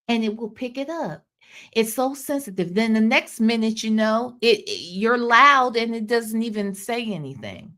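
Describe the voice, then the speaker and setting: A woman's voice: a little high, sharp tone. A woman hosting a casual livestream, chatting and greeting viewers by name. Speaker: livestream host.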